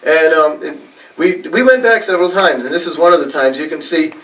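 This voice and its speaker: A man's voice: fairly high pitch, a little fast, a bit bright, slight background noise. A man with a New England accent giving a casual, rambling storytelling talk to a library audience, with many fillers. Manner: rambling, chatty, with frequent fillers and laughs. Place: library meeting room. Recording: voice a little far from the mic.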